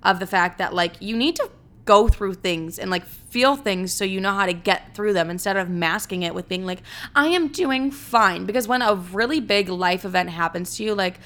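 Woman podcaster, clear smooth tone, loose profane chat. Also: medium pitch, moderate pace, a bit bright. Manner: candid, profane, rambling. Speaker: podcast host. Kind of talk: casual solo podcast chat.

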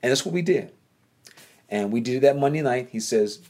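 Southern man, casual storyteller, animated, repeats himself, mid-pitched. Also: brisk. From North Carolina. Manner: animated, repeats phrases, voice jumps up when excited.

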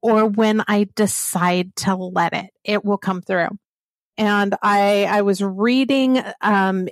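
A woman's voice: mid-range voice, dry recording. A woman from the American South with a Southern accent, a podcast host talking bluntly and with some profanity in a roundtable discussion.

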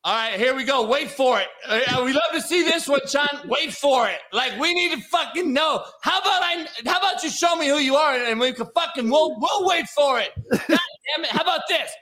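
A man with a very high, bright voice tears into a recruit's football highlight film. He swears constantly and rants loudly in exasperation. His laughter keeps breaking through. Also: animated, normal speed. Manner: loud, exasperated ranting with bursts of laughter; heavy swearing. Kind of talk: profane casual commentary on recruit film.

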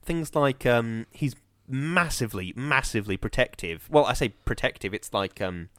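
A man chatting casually as a podcast co-host, telling an animated story full of ums and restarts. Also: mid-range voice, moderate pace, no room sound, clean studio sound. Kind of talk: casual chat. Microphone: on camera, close mic.

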